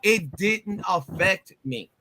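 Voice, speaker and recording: A man's voice: sits high, expressive, takes it slowly, crowd noise. An older man from Newark, New Jersey, co-hosting a casual podcast, blunt and reflective, often affirming his partner. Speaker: podcast co-host. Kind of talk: casual conversational chat. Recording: clearly noisy recording.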